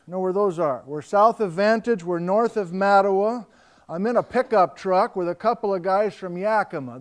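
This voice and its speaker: Lively high-voiced American male lecturer, storytelling delivery. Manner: animated storyteller, acts out quoted dialogue. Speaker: geology lecturer. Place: lecture hall before a live audience.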